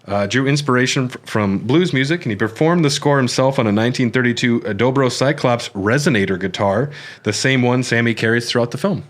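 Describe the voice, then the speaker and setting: A man's voice: mid-range voice, fairly quick. A man co-hosting a podcast, talking casually about a film with many fillers and restarts. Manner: relaxed, hesitant, lots of fillers and restarts. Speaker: podcast co-host.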